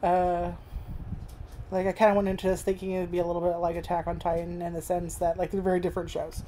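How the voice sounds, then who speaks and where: A woman's voice: on the low side, flat delivery, fast, mellow, a little hiss or hum. A young woman rambling through a casual review at home, swearing freely and filling with "like". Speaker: vlogger. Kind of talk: casual first-impressions review.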